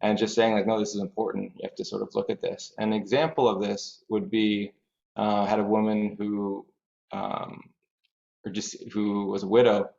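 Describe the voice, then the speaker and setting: Male expert guest, thoughtful explainer, low gravelly voice on muffled audio. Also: flat delivery, moderate pace, a little mellow. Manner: thoughtful, explains through examples. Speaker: grief dream researcher, guest. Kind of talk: podcast interview, explaining. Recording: dull lo-fi audio.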